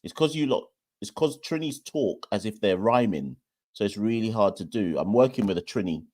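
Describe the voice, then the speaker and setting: A man's voice: lowish voice, expressive, moderate pace, a little mellow. A young man hosting a live cricket watchalong, chatting casually to viewers in a loose, self-deprecating way. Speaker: podcast host.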